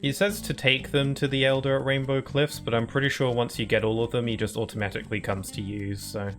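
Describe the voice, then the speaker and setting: A man's voice: medium pitch, little pitch movement, a little fast, a bit bright, soft background music. A young man from Britain with a somewhat posh British accent, chatting casually and rambling while streaming a video game. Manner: rambling, chatty, frequent fillers and laughs. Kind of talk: casual live-stream chat over gameplay.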